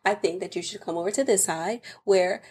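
Young woman co-host, husky voice, playful and animated, loves acting out both sides of a spat. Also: medium pitch, brisk. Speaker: podcast co-host. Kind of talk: casual chat.

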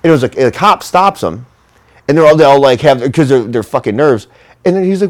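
A man's voice: mid-range voice, expressive, brisk. A man in casual chat, telling a long, rambling, profane story full of "like" fillers.

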